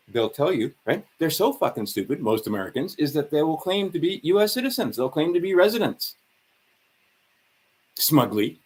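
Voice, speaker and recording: A man's voice: a little high, sing-song, moderate pace, husky. A man ranting sarcastically and profanely on a livestream, rambling and tired. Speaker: livestream host.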